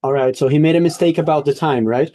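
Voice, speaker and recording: Male teacher, online class, dark, dry sound, coaching tone. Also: on the high side, fast talker, no echo. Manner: explaining, coaching, frequent checks. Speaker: English teacher.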